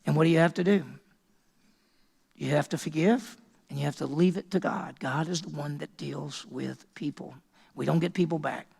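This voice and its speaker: A male pastor preaching with emphasis, firing rhetorical questions at his listeners. His voice sits high for a man and has a gravelly texture. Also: moderate pace, a little mellow. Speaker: senior pastor. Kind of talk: sermon.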